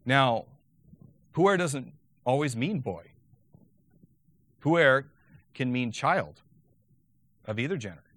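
A man's voice: mid-range voice, lively intonation, slow, pauses often, a bit bright, no room sound. A man giving a lecture on teaching Latin, talking conversationally and often checking in with "okay?".

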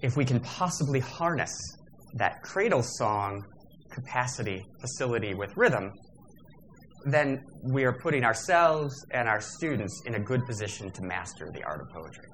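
A man's voice: mid-range voice, animated, moderate pace, a bit bright, a little hiss or hum. A man giving a workshop lecture in a discursive, digressive manner, with fillers and self-corrections.

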